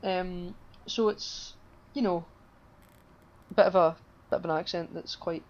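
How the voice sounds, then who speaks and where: On a casual podcast, this co-host, a woman, speaks a little slowly with fairly even intonation in a lowish voice. She rambles, full of fillers and casual swearing, recorded on a dull lo-fi home podcast mic that buzzes.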